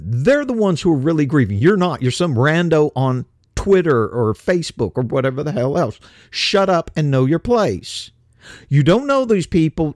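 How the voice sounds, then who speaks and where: A blunt, profane man rants indignantly in a heated commentary. His pitch leaps and dives as he presses each point. The recording is dry and close, with no room sound. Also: a little mellow, no room sound. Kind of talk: heated monologue.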